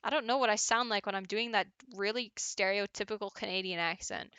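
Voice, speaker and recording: A woman's voice: mid-range voice, fairly quick, hardly any pauses, bright, forceful tone, clean tone. A woman streamer giving casual, swearing commentary while playing a game, laughing at its dialogue. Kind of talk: casual let's-play commentary. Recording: game music playing behind.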